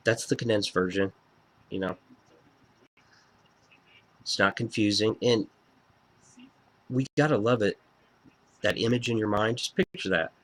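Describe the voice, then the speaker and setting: A man reviewing a favorite album in a casual video, excitable and profane, gushing as a fan. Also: lowish voice, measured pace, long pauses.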